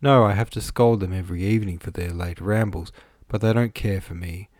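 A brisk, motherly older housekeeper, as a man voices her in a storybook reading, bustling and practical. The voice sits a little higher than his own low, dry tone. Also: a little mellow, dry recording.

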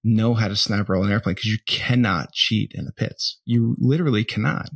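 Podcast host guy, super gravelly voice, dry close mic, laid back and curious. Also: fairly low pitch, normal speed, no room sound. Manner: laughs easily, relaxed and curious. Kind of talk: casual interview chat.

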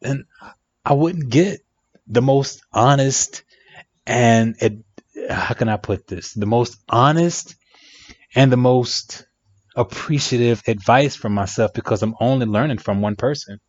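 A man's voice: medium pitch, moderate pace, a little mellow, slightly rough, no room sound. A man giving relationship advice in a reflective monologue, emphatic and repeating phrases for effect. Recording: dry, dull lo-fi sound.

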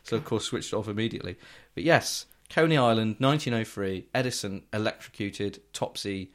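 A man's voice: on the low side, brisk. A young man co-hosting a podcast, telling stories in a playful, dry joking way. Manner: playful, storytelling, dry jokes. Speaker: podcast co-host. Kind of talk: casual comedic chat.

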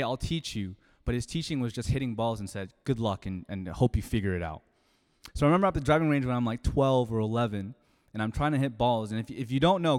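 A man in his thirties preaching a sermon, telling a personal story in a conversational way with sudden loud emphasis. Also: mid-range voice. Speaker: pastor. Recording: long hall reverb.

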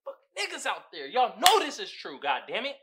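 A man hosting a podcast, in casual comedic commentary that is animated and profane, with frequent laughs. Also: high-pitched, brisk, background noise. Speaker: podcast host.

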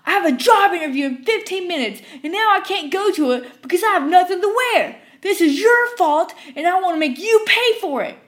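A woman's voice: extremely high pitch, expressive, a little fast, few pauses, voice pushed up. A woman voicing a furious man in his fifties who screams and curses at a drive-thru worker. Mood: enraged. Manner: screaming, cursing, ranting.

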